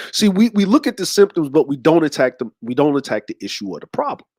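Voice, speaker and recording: A man's voice: on the high side, big pitch swings, fast talker, few pauses, darkish tone, husky, dry recording, studio quality. A man hosting a show, talking to his audience in a slangy, rambling way. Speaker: host. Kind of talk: casual commentary.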